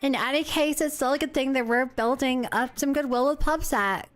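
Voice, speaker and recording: A woman voicing a young game hero, reading the lines slowly and deliberately over game music. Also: high-pitched, close to an everyday voice. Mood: earnest.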